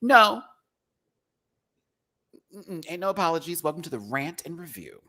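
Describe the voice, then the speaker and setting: Male host, bright lively voice, quick with impressions. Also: a little high. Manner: animated, laughing often, slips into quick impressions. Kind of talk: casual livestream chat reviewing a TV show.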